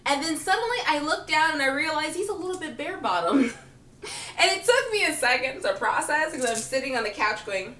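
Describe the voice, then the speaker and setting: A sassy woman spins a comic personal story, her bright voice leaping up and down as she acts out every exchange. She sits well back from the mic in a roomy, echoing space. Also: sits high, a little fast, recorded from a distance. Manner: animated, sassy, laughs often, acts out quotes. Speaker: vlogger.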